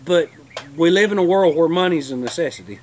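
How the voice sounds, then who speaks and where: A man's voice: on the high side, fairly quick, darkish tone, slight background noise. A man hosting a homesteading channel, telling rambling, heartfelt stories in a casual livestream.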